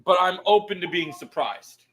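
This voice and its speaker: Easygoing man with a high, bright voice. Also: expressive, normal speed, rough recording. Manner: easygoing, reads and answers chat. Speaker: live-stream host. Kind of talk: casual live-stream chat.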